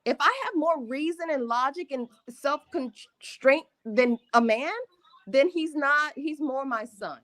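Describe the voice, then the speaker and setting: A woman's voice: high-pitched, measured pace, fairly bright tone, dry recording. A woman calling in to a show, telling a story emphatically and emotionally, often laughing. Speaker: caller. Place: Harlem.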